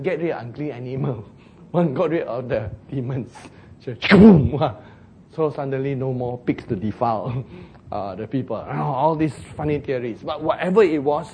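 A man preaching a sermon, telling a story with jokes, acted shouts and laughter. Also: mid-range voice, a little hiss or hum.

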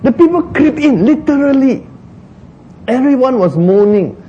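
A man preaching a sermon, slow and emphatic, acting out laments dramatically. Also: very high voice, lively intonation, dark tone, muffled recording, a little hiss or hum. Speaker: pastor.

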